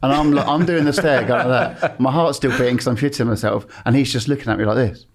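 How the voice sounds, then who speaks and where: An English man tells his stories in a podcast studio, laughing as he goes and swearing without a second thought. He slips into the voices of the people he is quoting. His voice sits at an ordinary middle pitch. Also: fast. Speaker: guest, former football TV presenter. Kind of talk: anecdotal storytelling.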